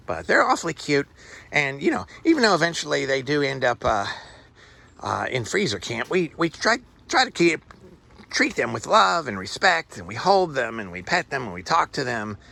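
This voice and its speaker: A man's voice: mid-range voice, gravelly, sharp tone. A man giving a rambling, folksy walk-through of his backyard rabbit cages, thinking aloud as he goes. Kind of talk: casual walk-through vlog. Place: outdoor tent beside rabbit cages.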